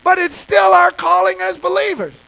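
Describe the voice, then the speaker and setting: Impassioned male pastor, very high voice with gravel in it, folksy and direct with the congregation. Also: fairly even intonation, normal speed, sharp tone, poor audio. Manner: impassioned, conversational preaching with folksy asides. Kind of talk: sermon.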